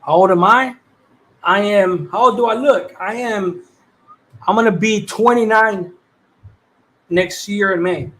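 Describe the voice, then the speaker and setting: A man's voice: high-pitched, measured pace, long pauses, a bit bright. A young man in his twenties hosting a casual livestream chat, talking in laid-back slang and laughing often. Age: 20s. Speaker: livestream host.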